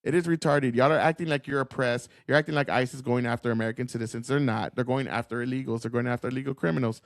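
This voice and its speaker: A man's voice: mid-range voice, fairly even intonation, racing, gravelly, no echo, clean studio sound. A man hosting a political commentary stream, ranting in an angry, profane, combative way.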